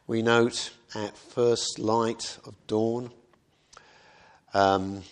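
A man preaching a sermon in a conversational way, often asking rhetorical questions. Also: fairly low pitch.

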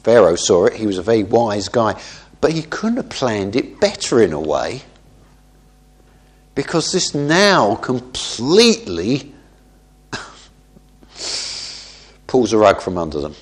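A man's voice: lowish voice, very animated, slow, long pauses, husky. A man preaching through a Bible passage, talking conversationally and often tagging his points with "isn't it?" while now and then correcting himself mid-word. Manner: conversational, frequent "isn't it?" tag questions; thoughtful with small self-corrections. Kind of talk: expository Bible teaching.

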